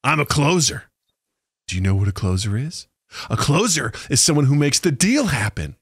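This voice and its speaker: A man's voice: mid-range voice, sing-song, moderate pace, breathy edge, no room sound, studio quality, voice pushed down. A man voicing a condescending big-shot salesman who talks baby talk in a sing-song, patronizing way, as a comedic reading of chatbot text.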